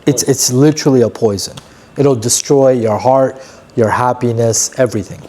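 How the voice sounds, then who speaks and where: Mellow-voiced man talking earnestly about gratitude. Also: medium pitch, normal speed. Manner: earnest, preachy talk about positivity and gratitude. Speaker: podcast co-host. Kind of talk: casual podcast chat.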